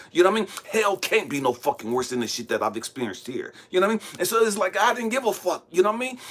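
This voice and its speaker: Middle-aged man, slightly high, husky voice; raw, profane spiritual monologue with swings from shouting to hushed. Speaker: spiritual channel host. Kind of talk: impassioned spoken monologue.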